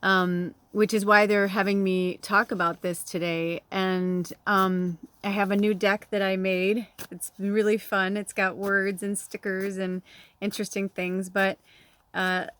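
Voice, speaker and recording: A middle-aged woman talking casually as a spiritual reader, her voice at an ordinary mid pitch. She rambles in a loose, chatty way, laughs often and swears offhandedly. At times she sounds close to tears. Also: level tone, unhurried, fairly bright tone, clear, resonant tone. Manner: emotional, near tears. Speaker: tarot reader and medium. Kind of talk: casual spiritual vlog chat.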